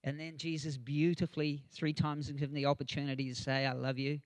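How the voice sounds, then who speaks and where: Chatty preacher man, slightly high voice. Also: little pitch movement, brisk, dry recording. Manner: warm, chatty asides with chuckles and frequent ums. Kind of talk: conversational sermon.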